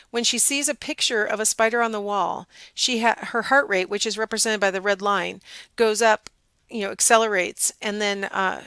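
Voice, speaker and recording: A middle-aged woman giving a casual psychology lecture, telling a personal story with lively, animated quoting. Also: mid-range voice, clear, resonant tone, no echo.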